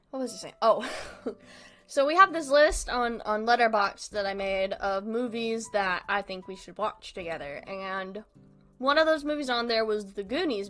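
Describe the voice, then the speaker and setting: A woman streamer in casual livestream chat, rambling along and laughing often. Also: mid-range voice.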